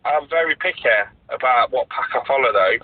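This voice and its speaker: Husky man on a tinny phone line. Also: medium pitch, expressive, fairly quick, no room sound. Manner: rambling, stammering, laughs easily. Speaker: podcast co-host. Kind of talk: casual chat over a call. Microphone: phone call.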